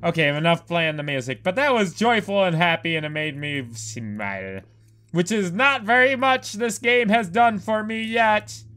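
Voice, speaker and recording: Young guy ranting through a horror game, lively voice, slow talker, quiet music behind. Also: sits high. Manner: ranting, swearing, jokey, animated. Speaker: gaming youtuber. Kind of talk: let's play commentary.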